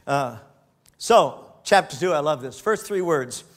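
A man's voice: on the high side, expressive, unhurried. A man preaching a sermon, reading scripture aloud and breaking off to comment with frequent laughter.

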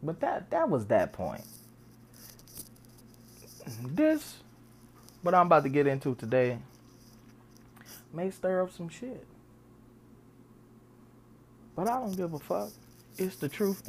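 A woman with a low voice rants on her podcast, her pitch leaping up and dropping down as she goes. She talks bluntly and heatedly, swearing freely and hammering the same point again and again. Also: big pitch swings, slow, long pauses, a little mellow, slight background noise. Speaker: podcast host. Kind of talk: profane comedic rant.

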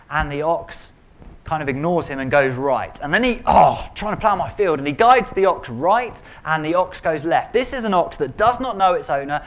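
A man preaching a sermon in an animated, conversational way, acting out quotes. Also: a little high. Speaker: pastor.

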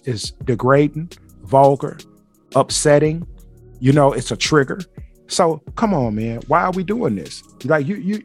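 A man hosting a solo podcast, talking bluntly and emphatically with plenty of swearing. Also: on the high side. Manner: blunt, emphatic, profane ranting. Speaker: podcast host.

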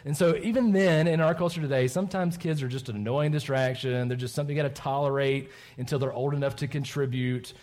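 A man's voice: medium pitch, fast, hardly any pauses. A man giving a children's sermon at church, asking the kids questions and checking in with "right?" after his points. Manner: animated, asks kids questions, tags lines with "right?". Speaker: pastor giving a children's message.

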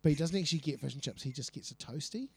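A man co-hosting a casual podcast. He tells his stories with gusto and acts out what everyone said, in a mellow voice recorded close and dry. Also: fairly high pitch, racing, vocal fry, breathy edge, no room sound. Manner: animated storyteller, acts out quotes. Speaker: podcast co-host. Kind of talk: casual chat, storytelling.

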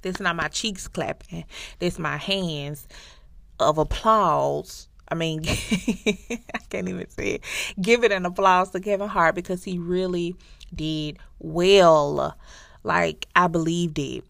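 A woman hosting a podcast, telling a TV plot in a casual, animated and profane way, acting out the characters' lines. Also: lowish voice, slow, gravelly, no room sound. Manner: animated, profane storytelling with acted-out quotes. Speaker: podcast host. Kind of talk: casual recap of a TV series.

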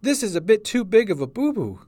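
A man voicing a kind young woman cleric who speaks softly and comfortingly in a storybook reading. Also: high-pitched, very animated, a little fast, breathy edge, dry recording, voice pushed up, heavily acted. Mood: urgent. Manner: soft, comforting.

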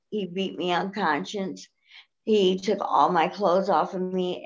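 A woman telling her personal story in an earnest, steady way. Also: on the low side, creaky. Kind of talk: personal testimony. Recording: dull lo-fi sound.

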